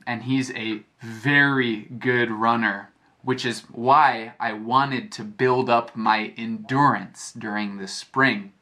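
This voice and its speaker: An American man teaching a lesson as a story, speaking clearly and repeating phrases to explain them. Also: medium pitch, pushed and bright. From United States. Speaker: English teacher. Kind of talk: slow storytelling lesson for learners.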